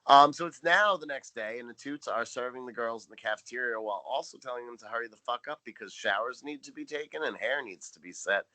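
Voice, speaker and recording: A man's voice: mid-range voice, lively intonation, quick pace, few pauses, bright, forceful tone, no room sound, poor audio. Dry, sarcastic man podcast co-host. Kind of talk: casual recap chat.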